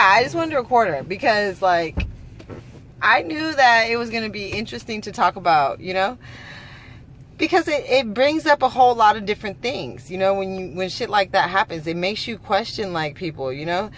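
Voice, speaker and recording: A woman's voice: medium pitch, animated, normal speed, a bit bright, slight background noise. A woman from California, a mother, telling a story in a heated, profane vlog rant, quoting people back and forth. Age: adult mother. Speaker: vlogger.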